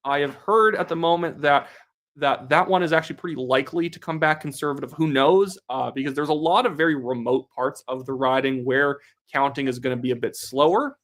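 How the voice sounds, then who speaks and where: Young male host from Canada, slightly high voice, upbeat live commentary reading viewer comments. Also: a little fast, a bit bright. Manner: reads viewer comments aloud, chatty and upbeat. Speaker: livestream host.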